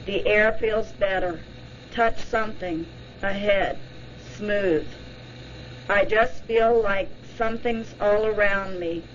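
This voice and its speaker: A woman voicing a frightened woman recalling a strange light, halting and dazed. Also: mid-range voice, muffled recording, slight background noise, close to an everyday voice.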